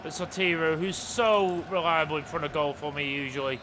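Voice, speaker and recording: A young man commentating his own football video game, excitable and openly venting at the play. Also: on the high side, a little fast, background noise. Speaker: gaming channel host. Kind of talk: live gameplay commentary. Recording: game music playing underneath.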